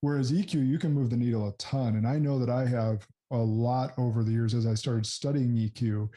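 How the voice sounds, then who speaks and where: Mellow-voiced podcast host, earnest. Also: male voice, mid-range voice, fairly even intonation, fairly quick. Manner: affirming, earnest and reflective. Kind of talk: casual interview chat.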